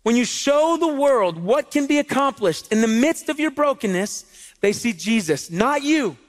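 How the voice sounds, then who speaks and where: A man in his thirties preaches in a relaxed, animated style, telling stories and tossing rhetorical questions at his congregation. His voice sits unusually high for a man. A long reverb trails off it, as in a large church hall. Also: moderate pace. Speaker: pastor. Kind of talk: sermon with casual storytelling.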